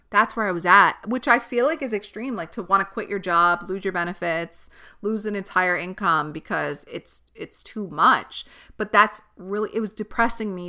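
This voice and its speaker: A woman's voice: on the low side, sharp tone. A young woman hosting a podcast, venting in an exasperated, profane way. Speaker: podcast host. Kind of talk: candid solo podcast monologue.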